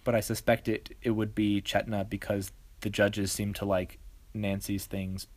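Brief: podcast co-host, woman with a very low voice, measured and explanatory, dry close sound. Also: little pitch movement, a little mellow, dry recording. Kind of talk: casual chat.

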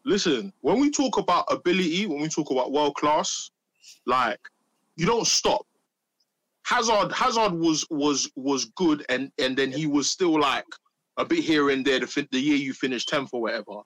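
A man's voice: a little high, moderate pace, no echo. A man in casual, teasing football banter with friends. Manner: animated, teasing, slangy. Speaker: podcast co-host.

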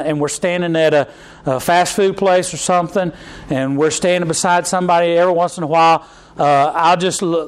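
A man preaches a sermon. He talks to the congregation like he is chatting, restarting his sentences often and filling pauses with "uh.". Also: on the high side, rough recording. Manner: conversational preaching with frequent restarts and fillers. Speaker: pastor.

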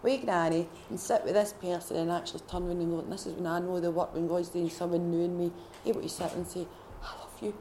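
A Scottish woman at a faith retreat, sharing her personal testimony in a heartfelt, halting way with many restarts. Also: fairly low pitch, fairly even intonation, warm tone, slight background noise. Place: retreat gathering room.

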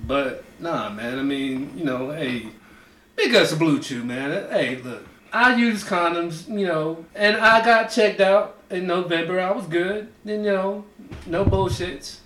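High-voiced man telling crude stories, echoey room. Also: a little slow, slight background noise. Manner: profane, animated storytelling with repeated punchlines. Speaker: podcast co-host. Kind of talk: casual crude chat.

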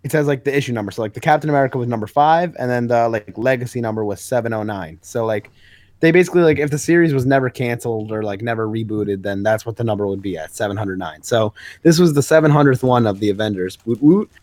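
With a mid-range, slightly mellow voice and a quick pace, this young adult co-hosts a comics podcast. He rambles casually, using plenty of fillers and performing quotes aloud. The recording is dry.

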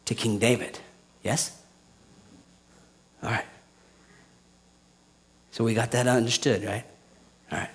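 A man preaching a sermon, firing rhetorical questions at his congregation and swinging from quiet teaching to loud indignation. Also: a little high.

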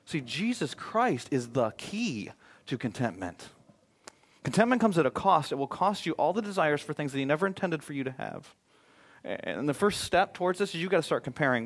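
A male pastor preaching a sermon in a conversational, joking way, swinging between emphatic loud points and quiet, hushed ones. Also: fairly high pitch.

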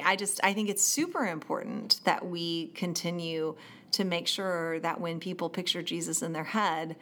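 Woman chatting on a podcast mic, lively, acts out voices as she tells stories. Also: on the low side. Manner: animated storyteller, acts out quoted voices. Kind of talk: casual conversation. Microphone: studio microphone.

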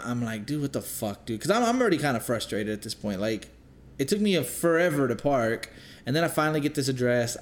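A man telling a story in casual chat, cursing freely and repeating words as he gets worked up. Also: mid-range voice. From Texas. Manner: profane, animated storyteller, repeats words when excited.

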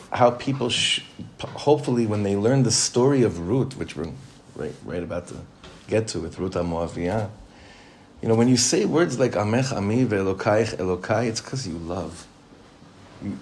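A man's voice: on the low side, a little mellow, slight background noise. A man teaching an informal Torah class as a rabbi. He talks conversationally, repeats phrases for emphasis and chuckles often.

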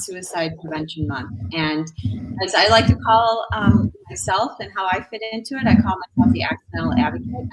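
A middle-aged woman telling her own story as a radio interview guest, halting often with fillers and restarts. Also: mid-range voice, rough recording. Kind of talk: personal account in a radio interview.

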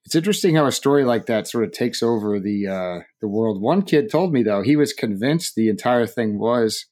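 A man hosting a sports talk show, relaxed and quick to laugh. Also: medium pitch. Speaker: host. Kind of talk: casual sports chat.

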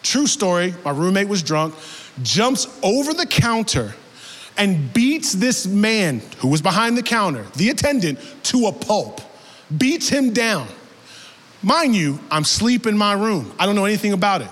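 A young man preaching a sermon as an animated storyteller, dropping his voice low for quoted people and rising to shouts. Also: unhurried. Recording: long hall reverb.

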